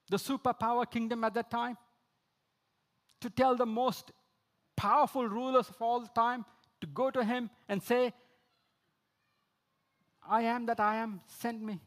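A man preaching a sermon, repeating key phrases, calling listeners friends, and swinging between emphatic outbursts and low, quiet lines. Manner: rises to emphatic high exclamations, drops low for quoted lines.

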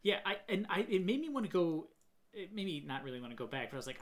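A man's voice: high voice, big pitch swings, fast. Sweary ranting male podcast host. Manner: ranting, sweary, laughs often. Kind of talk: casual podcast chat.

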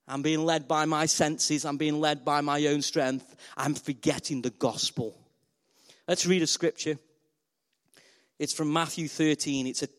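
High-voiced energetic male preacher. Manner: playful, energetic, directly addresses congregation. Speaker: pastor. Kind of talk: sermon.

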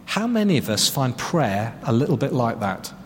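A man's voice: medium pitch, big pitch swings, moderate pace, long reverb tail, a little hiss or hum. A man preaching a sermon as pastor, telling stories in a conversational, self-deprecating way.

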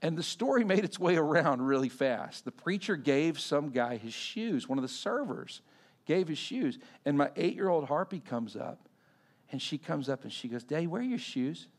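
A middle-aged man preaching a sermon, telling stories and swinging from hushed, near-whispered passages to shouted ones. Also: fairly high pitch, expressive, normal speed. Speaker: pastor.

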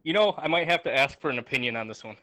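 Joking male co-host, bright, forceful, mid-pitch. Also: animated, rapid-fire. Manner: groaning, mock-dreading, joking. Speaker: podcast co-host. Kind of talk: casual comedic chat over a remote call.

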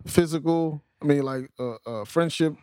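Laid-back guy cursing casually in quick bursts, slightly high voice, dry close sound. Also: darkish tone, clean tone, no room sound. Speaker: podcast co-host. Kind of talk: casual chat.

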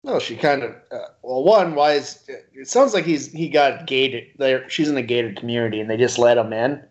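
A man's voice: medium pitch, normal speed. A man co-hosting a casual podcast chat, hesitant with many fillers and chuckles. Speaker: podcast co-host. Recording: dull lo-fi podcast audio.

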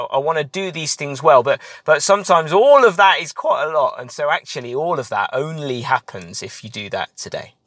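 A man's voice: mid-range voice, a bit bright, dry recording, clean studio sound. A man hosting a podcast, giving a reflective devotional talk in an earnest way, often restarting his phrases. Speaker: podcast host and Christian teacher.

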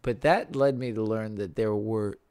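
A man's voice: on the low side, normal speed, a little mellow, clean tone, no echo. A man co-hosting a casual podcast, wry and laid-back, joking with his co-host.

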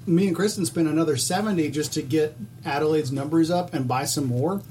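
A man's voice: a little high, brisk, darkish tone. A man co-hosting a casual chat, blunt and swearing freely. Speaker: podcast co-host. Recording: faint background noise.

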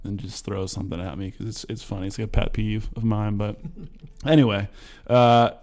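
Male podcast host, casual interview chat, low-pitched, joking, halting with fillers. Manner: relaxed and joking, with many fillers and restarts.

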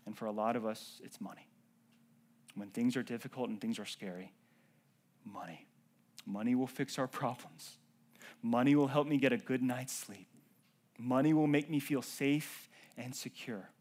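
A male pastor preaching a sermon. He swings between loud emphatic rises and hushed near-whispers, and he often checks in with the congregation by asking "right?" and "okay?". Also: medium pitch, moderate pace, long pauses. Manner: addresses the congregation directly with frequent "right?" and "okay?".

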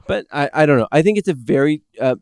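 A man co-hosting a podcast in casual chat, his pitch swinging widely as he rambles and restarts his sentences. The sound is dry and close on a studio mic. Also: fast, creaky, smooth, dry recording. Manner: animated, rambling with many restarts. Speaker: podcast co-host.

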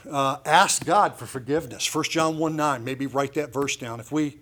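A middle-aged pastor preaching a sermon in a conversational way, with lively asides and emphasis. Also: male voice, mid-range voice, moderate pace, slightly rough.

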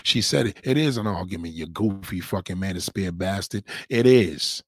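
A man's voice: deep voice, normal speed, no room sound, clean studio sound. A man hosting a livestream, mocking and heckling a guest in a clip with profane, repetitive commands. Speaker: livestream host reacting to a clip. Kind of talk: profane live commentary.

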